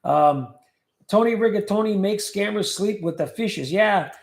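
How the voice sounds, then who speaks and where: Here the livestream host speaks in a high, gravelly voice without hurrying. Joking and chatting casually, he reads comments from viewers aloud, his words echoing around the room.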